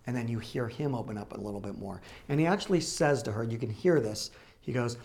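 A man hosting a conversation show, retelling a true story slowly and with emphasis. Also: medium pitch, lively intonation, creaky, dark tone. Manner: slow, emphatic retelling with quoted dialogue. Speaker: podcast host.

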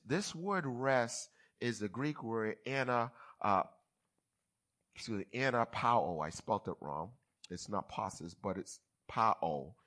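A man preaching a sermon as a bishop, teaching word meanings and often asking "are you with me?", building to loud emphatic passages. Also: medium pitch.

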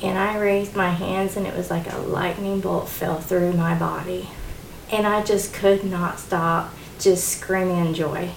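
Woman, middle-aged, gravelly, low-pitched, animated storyteller, echoey room. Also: measured pace, a little hiss or hum. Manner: storytelling, animated, laughing often. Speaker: co-host. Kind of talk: casual faith talk.

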